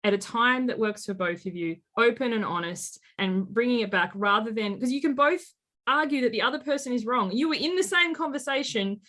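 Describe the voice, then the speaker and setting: A woman in her late thirties, a life coach telling stories in an interview and acting out quoted speech with lively energy. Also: fairly high pitch, brisk. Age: late 30s. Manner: animated storyteller, acts out quotes. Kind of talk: conversational interview.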